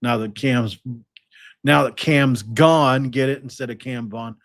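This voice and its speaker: A man's voice: medium pitch, fairly even intonation, unhurried, a bit bright. Rambling man hosting a sports podcast. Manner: rambling, full of fillers and restarts. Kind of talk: casual sports talk.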